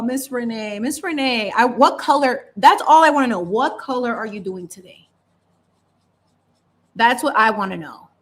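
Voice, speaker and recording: A young adult woman hosting a live painting stream, chatting casually and expressively while she paints, often laughing and stretching out her words. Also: on the high side. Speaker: painting livestream host.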